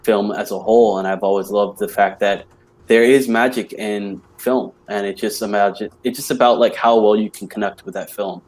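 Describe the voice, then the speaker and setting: A man's voice: lowish voice, steady tone, normal speed, darkish tone. A man as a podcast guest in casual chat, talking with many "like" fillers and laughing easily.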